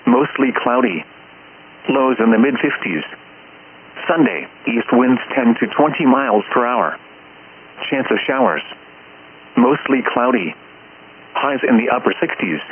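A man's voice reading an automated weather report in short, clipped, even phrases. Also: mid-range voice, unhurried, pauses often. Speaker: weather broadcast voice. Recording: tinny radio broadcast with faint hiss.

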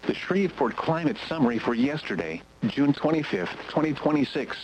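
A synthetic male voice reading an automated weather radio broadcast, reciting numbers and forecasts in a steady, mechanical way. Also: on the high side, brisk, slightly rough, low-quality recording.

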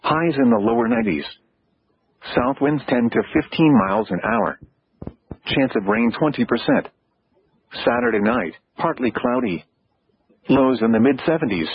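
A computer-generated male voice reading an automated weather broadcast in clipped, evenly paced phrases, with sudden pitch jumps on single words. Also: expressive, moderate pace, vocal fry, slightly rough, muffled recording. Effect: synthetic computer voice.

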